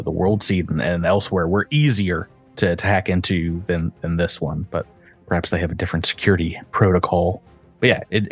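Deep-voiced man running a tabletop game. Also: breathy edge. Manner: halting, laughs often, many restarts. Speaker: game master.

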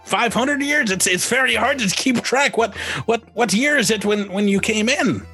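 A raspy, slightly muffled desert captain, a weathered soldier woman, pitched high and speaking through a battered mask, as a man puts her on. She sounds gruff and wary, asking questions as she goes. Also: normal speed, bright, forceful tone, faint music behind. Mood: gruff, curious.

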